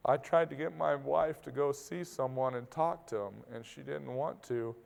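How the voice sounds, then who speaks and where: A man, an agricultural producer, speaking openly and plainly to an audience, pausing and restarting as he goes. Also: mid-range voice, creaky, a little mellow. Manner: open, plainspoken, halting with restarts. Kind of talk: candid personal talk. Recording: long hall reverb.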